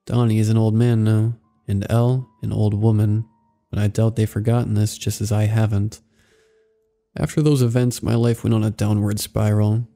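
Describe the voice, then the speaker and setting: A man narrates a horror story in a measured, somber manner. His voice is low and gravelly, with a very dark, mellow tone, and soft music plays faintly behind him. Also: level tone.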